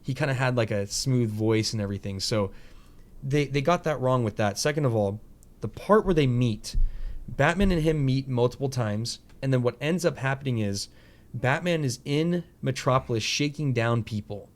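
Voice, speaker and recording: A man hosting a casual podcast, rambling through animated retellings of scenes, with lots of fillers and some swearing. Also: medium pitch, normal speed. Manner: casual, profane, filler-heavy. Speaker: podcast host.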